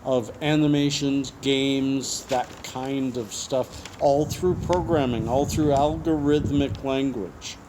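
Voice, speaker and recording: A man's voice: medium pitch, fairly even intonation, takes it slowly, hardly any pauses, noisy background. A man from Canada, hosting a casual interview and reading out viewer questions in a chatty, joking way with frequent asides. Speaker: YouTube host.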